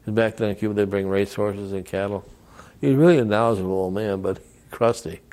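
A man's voice: lowish voice, steady tone, fast talker, darkish tone. An older man, a veteran, telling rambling anecdotes in an oral history interview and acting out the people he quotes.

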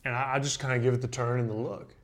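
Brief: young male ballplayer, mid-pitch voice, lively storyteller who laughs as he goes. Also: fast. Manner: animated, laughing anecdote teller. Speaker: baseball pitcher, guest. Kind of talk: casual storytelling in an interview.

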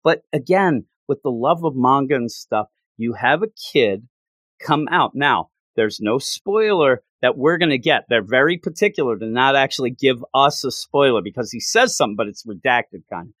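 Lively man animatedly recapping a manga. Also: mid-range voice, normal speed, no echo. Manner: animated storyteller acting out characters' lines. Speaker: podcast co-host. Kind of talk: casual chat recapping a manga chapter.

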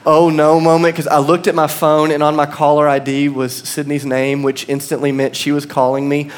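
A man's voice: on the high side, flat delivery, moderate pace. A man in his thirties with an American accent, preaching a sermon as pastor and telling a story with self-deprecating humor.

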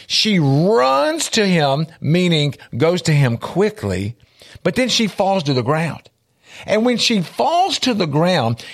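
A man teaching a Bible lesson on a talk show, earnest and repeating his points for emphasis. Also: fairly high pitch.

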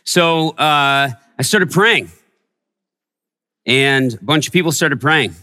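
A man preaching a sermon as a pastor, telling a personal story and growing hushed in its tender parts. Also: fairly high pitch, lively intonation, takes it slowly, in a large hall. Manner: storytelling, softening to a hush in tender moments. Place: church sanctuary.

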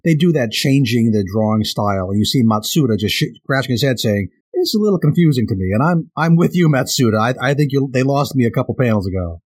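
Husky-voiced man in wry podcast chat. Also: medium pitch, brisk, hardly any pauses, a little mellow. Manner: wry and thoughtful, with small stammered restarts. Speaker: podcast co-host. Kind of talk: casual podcast discussion.

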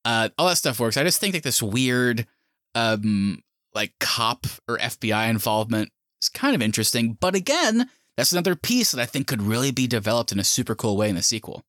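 A man hosting a casual movie discussion podcast, talking in a lively way with quick asides and jokes. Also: mid-range voice, no room sound, clean studio sound. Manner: lively, animated, quick asides and joking put-on voices. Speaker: podcast host.

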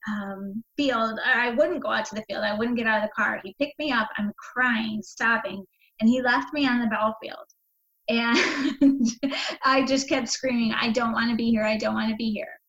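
Brief: woman guest, fairly high voice, candid rambling storyteller, dull lo-fi sound. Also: fairly bright tone, roomy sound. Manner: candid, meandering, with many fillers and restarts. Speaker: interview guest. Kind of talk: personal storytelling in conversation.

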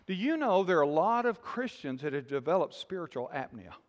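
Male pastor, high voice, emphatic sermon delivery with quiet dips, reverberant sanctuary. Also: big pitch swings, a little fast, highs cut off. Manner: emphatic preaching, drops to quiet intensity, asks congregation questions.

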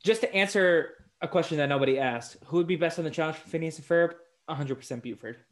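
A man's voice: a little high, fast. A man co-hosting a casual podcast, joking and drifting into tangents. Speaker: podcast co-host. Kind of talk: casual chat.

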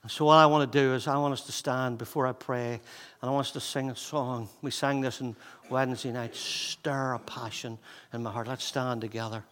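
A man's voice: mid-range voice, steady tone, normal speed, few pauses, big-room sound. Fervent man in his sixties preaching. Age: 60s. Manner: fervent, repeats phrases, swings from loud exhortation to hushed intensity. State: out of breath. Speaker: pastor. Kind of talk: sermon. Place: church hall.

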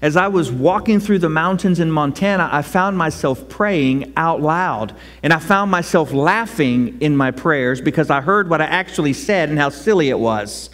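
A man preaching a sermon as pastor, conversational and animated, rising to loud cries. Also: a little high, normal speed, hardly any pauses. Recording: long hall reverb.

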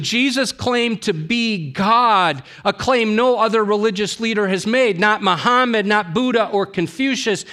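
Male pastor, higher register, deliberate unhurried sermon delivery with dramatic pauses. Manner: emphatic, with dramatic pauses and drops to a low hush.

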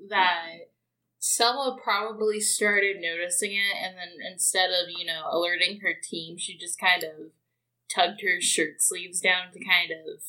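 A woman player describing her character in chatty, quick tabletop talk. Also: fairly low pitch, sharp tone, low-quality recording. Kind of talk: tabletop game chat.

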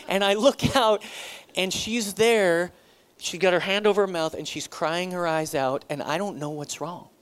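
A middle-aged man, a pastor, telling a personal story in a sermon, acting out the dialogue with sudden loud bursts. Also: sits high.

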